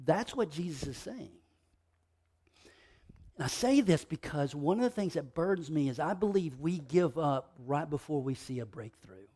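A man preaching a sermon, moving between quiet, low passages and loud, emphatic bursts of repeated phrases. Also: lively intonation, normal speed, breathy edge. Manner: fervent, repetitive preaching. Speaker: pastor.

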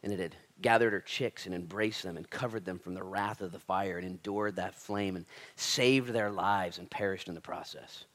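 A man preaching a sermon as pastor, impassioned and casual, swinging from loud emphatic lines to hushed near-whispers. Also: low voice, normal speed, few pauses. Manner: casual slangy address, says "dude" and "man".

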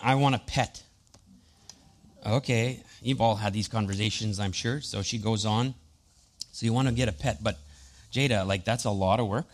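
A man in his thirties, a pastor preaching a sermon, telling personal family and boat stories in a chatty, self-deprecating way. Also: lowish voice.

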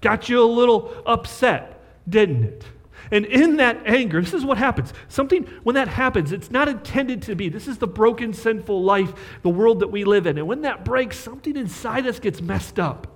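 A man's voice: high-pitched, animated, normal speed, in a large hall. A man preaching a sermon as pastor, talking conversationally and checking in with rhetorical questions.

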